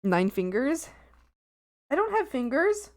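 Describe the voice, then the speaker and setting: Lively high-voiced woman streamer. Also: slow pace, no echo, clean studio sound. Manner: playful, excitable, silly bits, bursts of shouting. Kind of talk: casual livestream chat while drawing.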